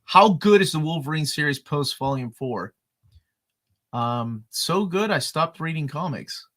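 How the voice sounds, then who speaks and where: A man's voice: fairly high pitch, animated, unhurried. A man co-hosting a casual live chat, rambling and correcting himself as he goes. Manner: rambling, self-correcting, swings loud and quiet. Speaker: co-host. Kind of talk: casual chat about comics.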